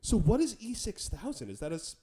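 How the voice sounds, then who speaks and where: A man's voice: high voice, big pitch swings, crowd noise. A man co-hosting a podcast, joking playfully and giggling between his remarks. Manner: playful, giggly, quick jokes. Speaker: podcast co-host. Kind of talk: casual podcast chat.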